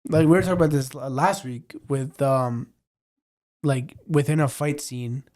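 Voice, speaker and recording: Young man excitedly retelling movie scenes. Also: medium pitch, normal speed. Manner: animated storyteller, acts out scenes. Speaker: podcast co-host. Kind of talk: casual chat.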